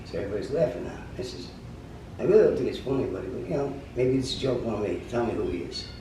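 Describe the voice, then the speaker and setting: A man telling a story in a gruff, profane way and acting out the quotes. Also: medium pitch, expressive, fast talker, mellow. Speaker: storyteller guest. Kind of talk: casual anecdote telling. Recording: echoey room, distant mic, faint noise.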